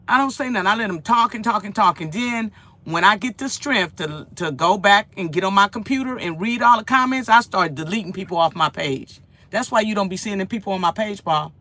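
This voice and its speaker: The recording is dry, and the woman's voice is mid-range. She's a vlogger talking casually to viewers from her home kitchen, telling an animated, roundabout story that keeps repeating itself.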